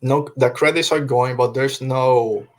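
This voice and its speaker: A man's voice: mid-range voice, steady tone, unhurried. A middle-aged man hosting a podcast, reviewing an episode in an emotional, heartfelt way, sighing and restarting his sentences as he gets choked up. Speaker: podcast host.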